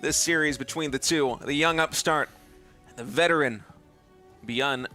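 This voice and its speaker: Upbeat bright male caster. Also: a little high, measured pace, soft background music. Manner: upbeat, hyping the next map. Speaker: esports caster. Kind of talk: live game commentary.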